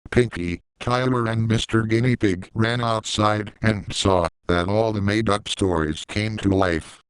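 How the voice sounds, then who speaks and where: A man's voice: fairly low pitch, unhurried, clear, resonant tone, dry recording, rough recording. A man reading a fan story aloud in a plain way, adding his own side comments. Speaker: story reader.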